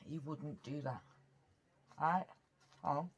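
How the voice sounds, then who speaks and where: Eating for her vlog, a woman from Britain keeps up a rambling, earnest stream of casual chat. She's a mukbang vlogger whose low voice is slightly rough and unhurried.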